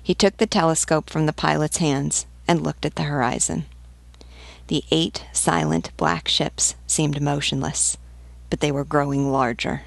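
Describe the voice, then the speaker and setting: A woman narrating an audiobook in a steady, unhurried way. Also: low-pitched, creaky, dry recording.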